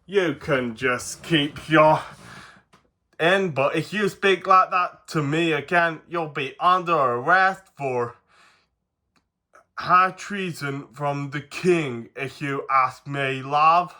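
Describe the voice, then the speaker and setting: A man's voice: fairly high pitch, takes it slowly, sharp tone, voice pushed up. Man putting on a blustering English sheriff. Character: pompous blustering medieval male sheriff.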